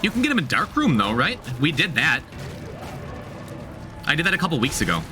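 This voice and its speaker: A man's voice: a little high, huge pitch swings, a little fast, noisy background. A man streaming a game, chatting casually, thinking aloud, repeating himself and talking to his chat. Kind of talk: casual gameplay commentary.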